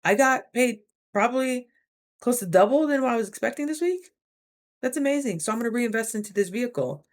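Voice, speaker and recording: A young woman vlogging casually, chatty and animated, acting out her own thoughts in quick asides. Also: fairly high pitch. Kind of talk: casual talking-to-camera vlog.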